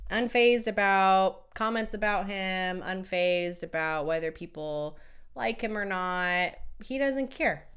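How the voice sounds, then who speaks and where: With a clear, resonant, fairly bright medium-pitched voice, a woman coaches on relationships during a casual live stream despite a cold that keeps her coughing. Her talk is emphatic and chatty, with frequent "right?" and repeated words.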